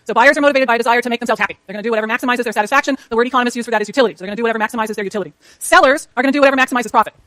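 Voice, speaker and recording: A woman's voice: on the high side, racing, fairly bright tone, dry recording. A middle-aged woman lecturing a university economics class in a chatty way, asking the students questions as she goes.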